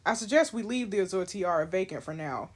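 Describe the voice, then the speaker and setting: A woman's voice: mid-range voice, animated, fairly quick, pitched below the performer's own voice, lightly acted. A woman voicing a polite, careful adult noblewoman in a story game, speaking diplomatically.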